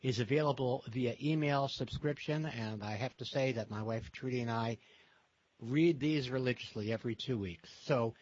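A man's voice: mid-range voice, normal speed, darkish tone, no echo. A man hosting an interview show, chatty and storytelling, with a few fillers. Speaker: host. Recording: dry muffled lo-fi sound.

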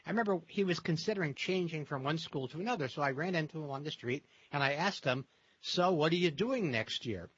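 A man's voice: fairly high pitch, lively intonation, brisk, fairly bright tone, slight background noise. A man hosting an interview show, chatty and storytelling, with a few fillers. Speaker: host. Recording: dry muffled lo-fi sound.

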